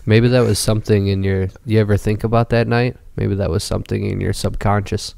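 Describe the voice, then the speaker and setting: A man's voice: fairly low pitch, little pitch movement, fairly quick, gravelly, darkish tone, no echo, studio quality. A man co-hosting a casual podcast, teasing and playing along with his friends. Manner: teasing, playful. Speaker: podcast co-host. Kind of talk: casual chat.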